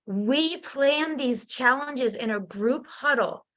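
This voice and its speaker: A middle-aged woman telling a personal story in a casual, animated way, acting out the voices of people she describes. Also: sits high, slow pace. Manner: animated, acts out voices in her stories. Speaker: guest.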